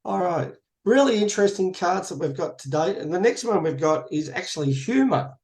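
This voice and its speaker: This is a man guiding a group through a conversation card game on a video call. His voice sits a bit high for a man, and he moves the talk along with encouraging thanks for each speaker. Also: expressive, normal speed, a little mellow.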